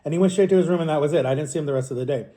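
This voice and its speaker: A man in his thirties talks straight to camera, rambling and candid, often stopping to correct himself. His voice sits a little high for a man, with a warm, mellow tone. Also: racing. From Florida. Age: 30s. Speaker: vlogger. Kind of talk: casual storytelling to camera. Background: eating on camera.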